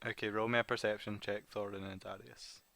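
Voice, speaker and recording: A man's voice: fairly low pitch, level tone, fairly quick, vocal fry, fairly bright tone, dry recording. A young man running a tabletop game over voice chat, narrating hesitantly with many restarts. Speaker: dungeon master.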